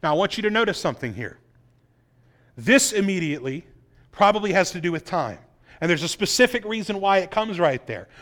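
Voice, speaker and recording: A man's voice: sits high, sing-song, fairly quick, fairly bright tone. A man preaching an expository sermon, emphatic and full of rhetorical questions. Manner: emphatic, asks rhetorical questions, acts out quotes. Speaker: pastor.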